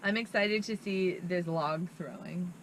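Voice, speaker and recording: A woman's voice: on the low side, measured pace, a little hiss or hum, rough recording. A young woman hosting a casual vlog chat, bubbly and giggly. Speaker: vlog host. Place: outdoors at a fairground campsite.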